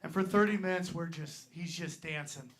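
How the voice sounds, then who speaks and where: A man's voice: fairly high pitch, moderate pace, fairly bright tone. A man performing a crude, rambling stand-up set on a club stage, peppering his story with "right?" asides. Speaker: stand-up comedian. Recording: live club recording with crowd laughter and noise. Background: audience laughing and clapping.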